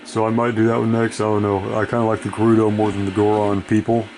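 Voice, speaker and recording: A man's voice: lowish voice, level tone, quick pace, a little mellow, a little hiss or hum. A sleep-deprived man giving rambling, profane, self-deprecating commentary while playing a video game. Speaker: gaming video creator. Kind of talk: casual gameplay commentary.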